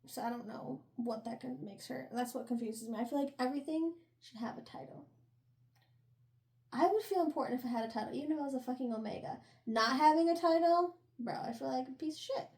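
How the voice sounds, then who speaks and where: A young woman with a high, bright-sitting voice chats casually through a book recap. She's slangy and quick to laugh, and she slips into short character impressions as she goes. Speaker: book review podcast co-host. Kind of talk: casual chat recapping a novel.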